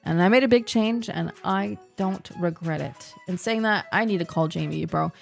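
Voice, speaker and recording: A woman streamer chats casually in slang. Her talk is animated and jumps from topic to topic. Faint music plays underneath. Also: lowish voice, moderate pace, gravelly. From New Zealand. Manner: chatty, slangy, animated, jumpy. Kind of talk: casual chat.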